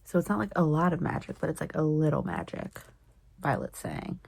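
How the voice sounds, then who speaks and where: Young woman, book vlogger, low voice, husky, emotional reactions, slips into whispers, loose rambling retelling. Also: very animated, brisk, darkish tone, dry recording. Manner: emotional, exclamatory reactions, often dropping into a whisper; retells plot loosely with many fillers. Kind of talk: casual reading-vlog commentary.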